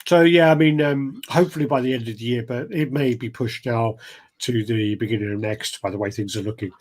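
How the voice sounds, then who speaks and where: A man's voice: mid-range voice, fairly even intonation, a little fast, a little mellow, low-quality recording. A man with a nasal voice, hosting a casual, rambling live chat. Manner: chatty, rambling, swears. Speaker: host.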